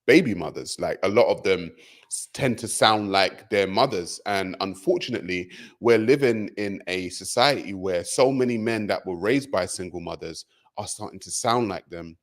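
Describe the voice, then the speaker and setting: A man's voice: low-pitched, moderate pace. A man hosting a casual podcast chat, earnest with a teasing streak and an emphatic delivery. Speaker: podcast host.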